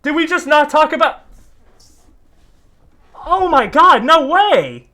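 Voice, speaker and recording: A young man with a high voice delivers heated reaction commentary. He rants in disbelief, swears freely and keeps tagging "dude" onto his lines. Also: big pitch swings, takes it slowly, sharp tone. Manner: exasperated, ranting, swearing, repeats "dude". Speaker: commentary YouTuber reacting to clips.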